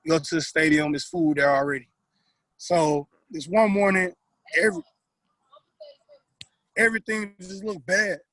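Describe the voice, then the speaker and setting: A man's voice: sits high, normal speed, long pauses, no echo, poor audio. A man, a former football player, guesting on a podcast and telling a story casually in profane slang, acting out the other people in it. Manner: animated storyteller who acts out other people's lines.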